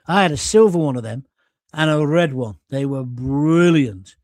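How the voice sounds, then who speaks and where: An older man rants through a live online show, blunt and sarcastic as he reads out viewer comments. His voice sits fairly high for a man. The sound is close and dry, with little room around it. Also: animated, moderate pace, darkish tone, no room sound. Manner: blunt, sarcastic, mocking voices in mini-skits. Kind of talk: ranting live-stream commentary.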